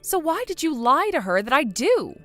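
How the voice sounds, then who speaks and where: A woman's voice: high-pitched, big pitch swings, moderate pace, fairly bright tone, faint music behind. A woman voicing a weary young wife in a text-message drama, pleading and defensive. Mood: accusing.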